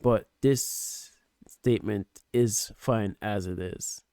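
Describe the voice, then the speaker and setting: A man's voice: lowish voice, slow, dark tone, clean tone, no echo, clean studio sound. A man streaming his reaction to a video, explaining his view patiently and often restarting and repeating words. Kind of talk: casual reaction commentary.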